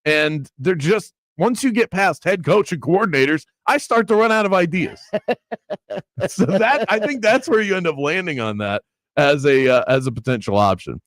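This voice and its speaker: A man's voice: fairly high pitch, normal speed, no room sound. A man hosting a sports talk radio show, arguing his points with lots of restarts. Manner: animated, argumentative, restarts.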